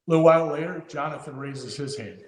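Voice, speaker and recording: A man's voice: a little high, fast talker, darkish tone. A man in his fifties, a firefighter and podcast guest, telling a story earnestly and from the heart, with frequent fillers and restarts. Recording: roomy with long reverb.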